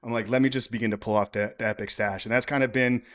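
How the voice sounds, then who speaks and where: A man's voice: medium pitch, steady tone, quick pace. A man hosting a podcast interview, talking in an enthusiastic, casual way and calling his guest man. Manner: enthusiastic, says man often. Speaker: podcast host.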